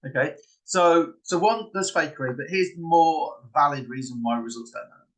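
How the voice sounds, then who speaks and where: A man's voice: a little high, moderate pace, a bit bright, rough recording. A man in a casual, rambling monologue, acting out little scenes and often repeating himself. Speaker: online trading coach.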